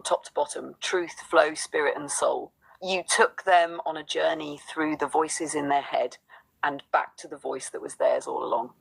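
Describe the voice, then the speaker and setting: A woman's voice: sits low, gravelly, a bit bright, rough recording. A woman co-hosting a spiritual talk, speaking in a rhythmic, affirming spoken-word cadence. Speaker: co-host.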